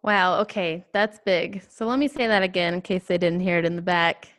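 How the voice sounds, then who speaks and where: A woman's voice: fairly low pitch, fairly even intonation, normal speed, a bit bright. A woman co-hosting a podcast for teachers, stressing and repeating the key points. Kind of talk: conversational podcast advice.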